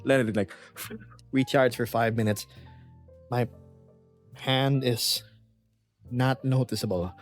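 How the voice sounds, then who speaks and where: A man's voice: mid-range voice, steady tone, takes it slowly, pauses often, faint music behind. A man from the United States chatting casually on a livestream, rambling playfully and reading chat messages aloud. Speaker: VRChat streamer.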